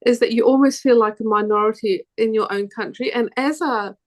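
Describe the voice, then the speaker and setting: A New Zealand woman on a discussion panel, talking in a fairly high voice. She rambles, corrects herself and restarts often, and turns lively when something annoys her. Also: a little fast. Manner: chatty, rambling, with many restarts and self-corrections; laughs easily, animated when indignant.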